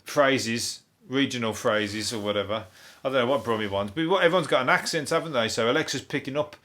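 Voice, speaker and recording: Man, Birmingham accent, comedian host, mid-pitched voice, sweary rambling, laughs at own jokes. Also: a bit bright. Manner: throws in quick silly impressions. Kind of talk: rambling comedic news review.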